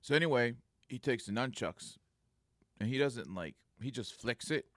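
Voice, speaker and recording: A man recounting a story from his work as a security supervisor, animated and laughing often. His voice sits at a mid pitch and sounds dry and close, with no room around it. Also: moderate pace, dry recording. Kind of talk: casual anecdote.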